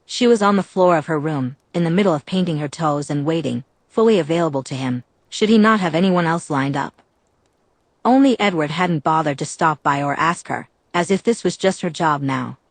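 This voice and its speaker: A woman narrating a romance audiobook in a steady, even read. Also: low-pitched, normal speed, no room sound.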